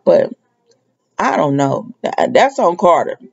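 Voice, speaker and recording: A woman's voice: deep voice, very animated, slow, creaky, darkish tone, husky, muffled recording. A woman giving a casual, opinionated recap of a soap opera episode, retelling the scenes and quoting the characters' lines as she goes.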